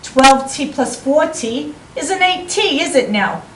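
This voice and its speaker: A woman's voice: high-pitched, lively intonation, measured pace, fairly bright tone, roomy sound, far from the mic, a little hiss or hum, poor audio. Woman putting on an Aussie teacher saying "mate". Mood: jokey. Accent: Australian, put on. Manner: jokey, calls students "mate". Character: Australian-accented woman math teacher. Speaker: math teacher. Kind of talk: math lesson in a put-on accent.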